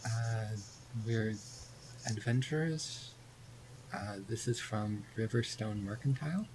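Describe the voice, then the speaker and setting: A player in a tabletop fantasy game, answering casually and quietly. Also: mid-range voice, slow pace, slight background noise, low-quality recording.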